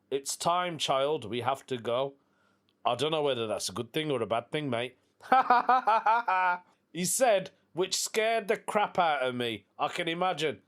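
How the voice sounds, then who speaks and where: A British man hosting a casual solo podcast, reading a listener's story aloud with chatty asides and frequent laughs. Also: on the high side. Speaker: podcast host.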